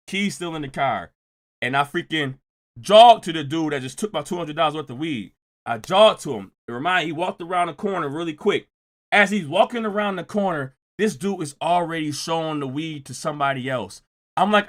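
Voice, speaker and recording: A man's voice: on the high side, lively intonation, normal speed. A man telling a personal story in a casual, profane, slangy way, often checking in with "right?". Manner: keeps adding "right?" to check with listeners.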